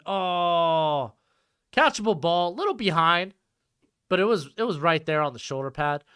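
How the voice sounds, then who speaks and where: A man's voice: a little high, a bit bright, smooth. A man live-streaming a football watch-along, chatting casually and jumping between calls on the plays and replies to his chat.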